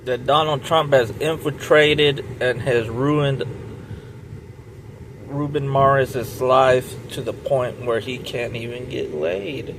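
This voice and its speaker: A man rambles through a profane comic story, his voice swinging up and down as he retells a friend's words. He talks slowly and takes his time. Steady car engine hum sits under the recording. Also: mid-range voice, rough recording. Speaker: comedian.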